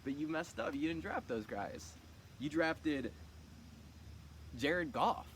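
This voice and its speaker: A man's voice: fairly high pitch, very animated, slow, fairly bright tone, slight background noise. A man running a fantasy football league, talking casually and teasing the other players with cocky trash talk.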